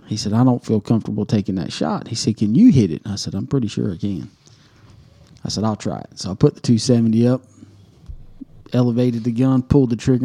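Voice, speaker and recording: Male co-host; warm, dark tone; animated, profane storyteller. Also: medium pitch. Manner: animated storyteller, swears freely, laughs mid-story. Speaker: podcast co-host. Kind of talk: casual hunting story.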